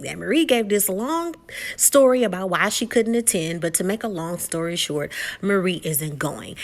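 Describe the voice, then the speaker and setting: A woman casually recapping a reality TV episode, retelling scenes and paraphrasing what people said. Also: medium pitch. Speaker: YouTuber recapping a reality show.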